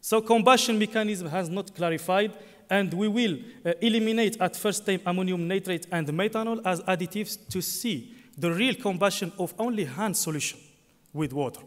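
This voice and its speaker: High-voiced man presenting in an echoing hall. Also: a bit bright. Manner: halting, frequent fillers and self-corrections. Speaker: conference presenter. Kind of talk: technical conference talk. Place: conference hall. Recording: long hall reverb.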